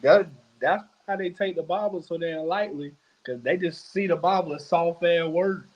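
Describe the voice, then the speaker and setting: A man co-hosting a podcast, telling stories in an animated, profane, casual way. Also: a little high, normal speed. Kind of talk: casual chat. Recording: dull lo-fi mic.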